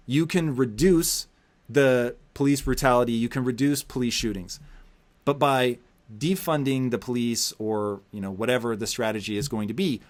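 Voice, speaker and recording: A man hosting a podcast interview, telling a story with lively acted-out quotes and plenty of swearing. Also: mid-range voice. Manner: animated storyteller, acts out quotes, heavy swearing. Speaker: podcast host. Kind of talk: casual interview conversation.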